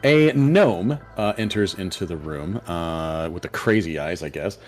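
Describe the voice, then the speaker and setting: A male game master narrating a tabletop game in a halting, filler-heavy way. His pitch sits a little low but moves about a lot, and faint music plays underneath. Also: animated. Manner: hesitant, full of fillers.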